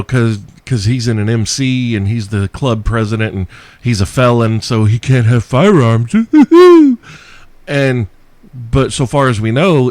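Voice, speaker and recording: A man's voice: mid-range voice, no echo. A man hosting a solo podcast, answering listener questions in a profane, sarcastic ranting manner. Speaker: podcast host.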